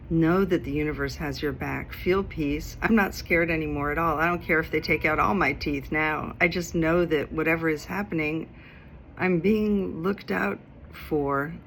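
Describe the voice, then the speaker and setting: A woman vlogger telling a personal story in a chatty, animated way, acting out other people's voices, outdoors in a city. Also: sits low, slight background noise. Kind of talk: casual storytelling.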